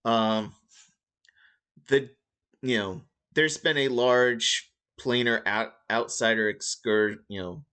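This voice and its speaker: A man's voice: mid-range voice, steady tone, slow, bright, forceful tone, clear, resonant tone. A man running a tabletop game as dungeon master, rambling and joking with lots of fillers. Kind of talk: casual game-master narration.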